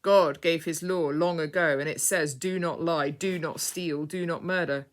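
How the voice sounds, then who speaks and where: A woman voicing a stern, authoritative male knight-like preacher who speaks firmly and loudly. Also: deep voice, steady tone, a little slow. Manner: firm, authoritative and loud.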